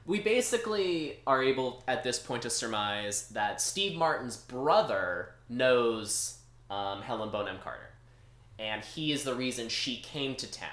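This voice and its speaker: A man co-hosting a podcast, casually recapping a movie in a rambling, animated way. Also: medium pitch, measured pace, reverberant. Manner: rambling, animated storytelling with laughs. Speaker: podcast co-host.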